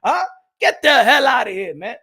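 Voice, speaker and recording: A man ranting in a loud, profane, mocking commentary on boxing, now and then switching into Spanish phrases. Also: very high voice, big pitch swings, moderate pace, breathy edge.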